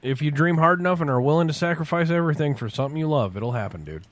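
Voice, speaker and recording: A man's voice: fairly high pitch, animated, very fast, dry recording. A man co-hosting a podcast, teasing his friend and giggling as they chat about games. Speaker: podcast co-host. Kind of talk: casual chat.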